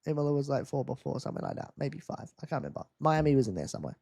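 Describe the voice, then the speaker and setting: A man's voice: mid-range voice, sing-song, very fast, vocal fry, mellow, slightly rough, no echo, studio quality. A man hosting a live race-watch quiz stream, teasing viewers in casual chat.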